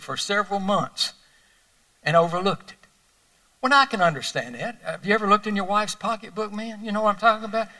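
An older man preaching a sermon, telling folksy personal stories that swing between loud emphasis and hushed moments. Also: high-pitched, far from the mic, low-quality recording. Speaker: pastor.

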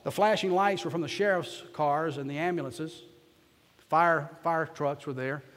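A man's voice: a little high, moderate pace, a bit bright, big-room sound. A man preaching as a pastor, telling a story in a folksy, self-deprecating way. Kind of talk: storytelling sermon.

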